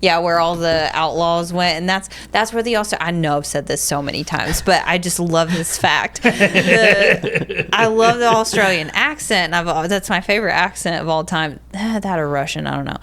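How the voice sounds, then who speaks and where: A woman's voice: lowish voice, normal speed, hardly any pauses, a bit bright. A woman with a Southern US accent co-hosting a casual podcast, reading facts aloud and laughing often. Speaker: podcast co-host. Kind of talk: casual chat.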